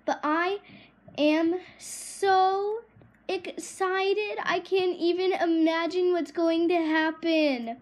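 Excitable high-voiced woman podcaster. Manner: gushing, excitable. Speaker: podcast host.

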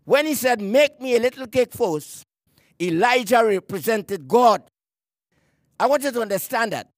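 High-voiced preacher, emphatic sermon. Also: male voice, lively intonation, dry recording, studio quality. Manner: emphatic, slowing to stress key words, repeats words mid-phrase; reads scripture aloud in archaic phrasing.

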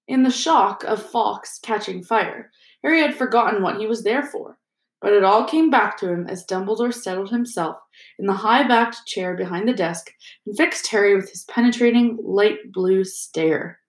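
A woman reading a storybook aloud in a steady, even storytelling manner. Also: mid-range voice, moderate pace, reverberant. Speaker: audiobook reader. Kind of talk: scripted narration.

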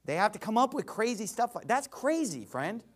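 Guy preaching, really animated and emphatic, kinda mocking, voice up high and all over the place. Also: moderate pace. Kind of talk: sermon.

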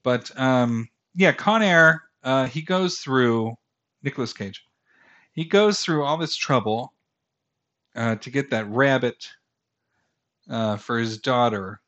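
A man's voice: mid-range voice, lively intonation, slow pace, pauses often, a bit bright, highs cut off. A man in his thirties hosting a fantasy podcast, talking casually in a rambling, self-deprecating way, full of fillers and restarts. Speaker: podcast host. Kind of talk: casual solo podcast commentary.

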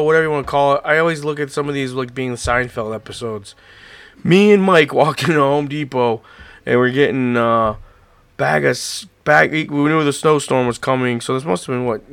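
A man's voice: mid-range voice, brisk, vocal fry, dry recording. A man co-hosting a casual chat, rambling through stories with heavy swearing and lots of fillers. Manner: animated storytelling. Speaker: podcast co-host.

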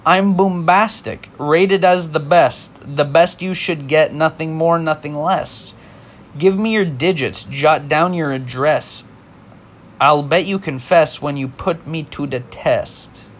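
A man putting on a mock Jamaican accent as a smooth-talking male lover, reciting song lyrics in a sing-song way. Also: fairly high pitch, slow pace, a bit bright, a little hiss or hum. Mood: playful.

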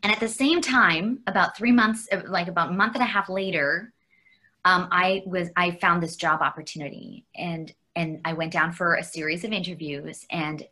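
A woman from Canada, a guest on an interview, telling a personal story candidly, halting with fillers and restarts and laughing often. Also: on the low side, pushed and bright.

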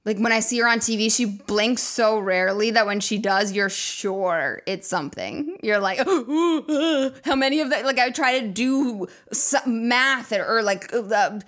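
A woman hosting a comedy podcast rambles through a casual, profane monologue full of fillers and acted-out quotes. Her mid-range voice is a bit bright, moving at a moderate pace with few pauses.

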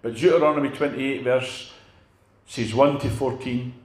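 A man's voice: mid-range voice, steady tone, normal speed, reverberant. An older man preaching a sermon in a conversational way, putting rhetorical questions to his congregation.

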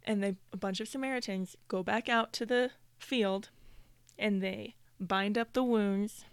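Woman cohost chatting about faith, bit of vocal fry, dry close sound. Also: mid-range voice, no echo. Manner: animated, quick to laugh. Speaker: podcast co-host. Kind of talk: casual faith chat.

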